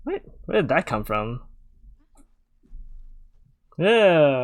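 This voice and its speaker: A man's voice: sits high, animated, slow pace, long pauses. A man talking casually as he reacts to a TV episode, bluntly and with plenty of swearing. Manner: blunt, swears freely, laughs often. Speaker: reaction video host.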